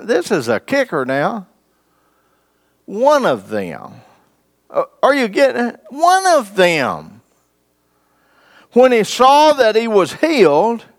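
With a high-pitched, slightly bright voice, a man delivers a folksy sermon, reading scripture, asking the congregation questions and pausing dramatically.

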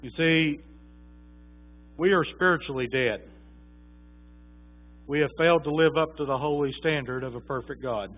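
A man's voice: fairly high pitch, normal speed, long pauses. A man preaching a sermon, telling a story in a folksy, conversational way with many fillers. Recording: tinny phone-like sound.

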